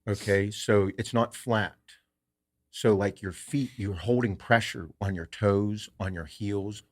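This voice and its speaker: Profane, animated low-voiced man storyteller. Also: slow. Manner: animated, swears freely. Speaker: podcast host. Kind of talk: casual storytelling.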